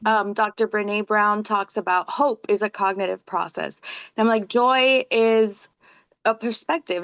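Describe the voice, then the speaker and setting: A woman's voice: fairly high pitch, a bit bright. A woman hosting a podcast interview, affirming her guest and asking long, reflective questions in a casual way. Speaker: podcast host and author. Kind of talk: conversational interview.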